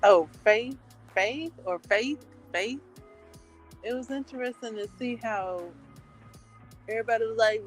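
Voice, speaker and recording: A woman's voice: fairly high pitch, a little slow, faint music behind, poor audio. A woman hosting her channel, chatting casually in a meandering, hesitant way with many fillers and restarts. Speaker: book club channel host. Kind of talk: casual chat.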